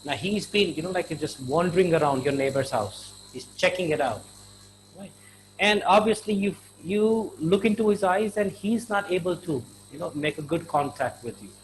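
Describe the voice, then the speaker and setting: A man's voice: fairly high pitch, lively intonation, moderate pace, slight background noise, low-quality recording. A man with an Indian English accent teaching slang in a chatty, informal lesson, full of fillers and acted-out little dialogues.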